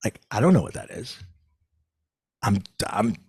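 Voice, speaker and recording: A middle-aged man with a fairly low voice tells his story as an interview guest. He livens it up by acting out the people he quotes. The sound is close and dry. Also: a little slow, slightly rough, no echo. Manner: acts out quoted people with raised pitch, lively. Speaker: psychic medium guest.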